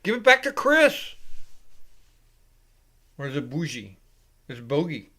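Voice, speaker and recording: A man hosting a live reaction show, giving casual play-by-play commentary. He rambles off-topic, swears freely and gets louder and higher whenever he calls the action. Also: big pitch swings, takes it slowly. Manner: rambling and casual, with profanity, rising and louder when calling plays.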